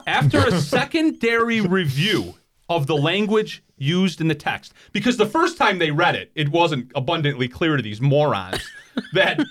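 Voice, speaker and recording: A man's voice: on the high side, moderate pace. A man hosting a talk radio show, sarcastic and opinionated, often laughing as he talks. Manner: sarcastic, animated, laughs while talking.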